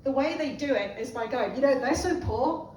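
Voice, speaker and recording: British woman comic, high voice, live club sound from far back in a roomy space, story-led stand-up. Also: moderate pace, a loud crowd. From England. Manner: laughing at her own jokes, animated impressions. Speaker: stand-up comedian. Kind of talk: comedic storytelling. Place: comedy club stage.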